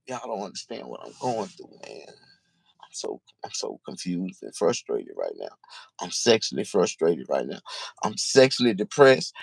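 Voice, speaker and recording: Brief: deep, lively middle-aged man, profane rambling vlog rant, dry close recording. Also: vocal fry, dry recording. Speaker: vlogger. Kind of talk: casual ranting monologue.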